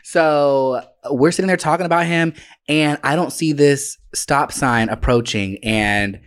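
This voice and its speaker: A man's voice: on the high side, measured pace, smooth. A man co-hosting a podcast, telling stories in a rambling, hesitant way with restarts and swearing. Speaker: podcast co-host. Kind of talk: casual storytelling chat.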